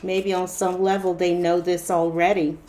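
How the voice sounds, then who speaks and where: A woman's voice: fairly low pitch, level tone, moderate pace, darkish tone, slight background noise. A woman giving a casual tarot reading to viewers, talking directly to them and often exclaiming "wow" and "interesting". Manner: addresses viewers directly with fillers. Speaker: tarot reader.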